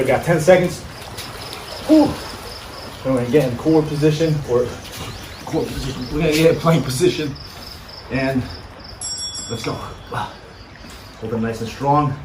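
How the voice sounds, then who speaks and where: A man leads a boxing-style workout, firing off energetic, short commands. His voice sits a bit high and comes from a distance. The recording is roomy, with insects clearly chirping behind him. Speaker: fitness coach. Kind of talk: live workout coaching. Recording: far-off mic with echo and insect noise.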